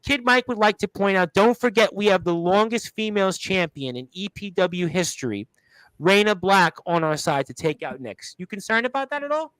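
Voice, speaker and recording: A man's voice: high-pitched, lively intonation, moderate pace, fairly bright tone, no echo. A man from Brooklyn, hosting a casual radio interview and reading out listener comments in a rambling, filler-heavy way. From Brooklyn, New York. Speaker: radio show host.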